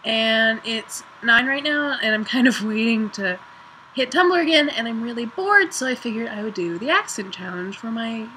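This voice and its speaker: Young woman w/ northern us accent, chatty and offhand, lots of like and um, kinda high voice. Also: bright, forceful tone, a little hiss or hum, low-quality recording. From Ohio, northern United States. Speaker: vlogger. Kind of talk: casual chat.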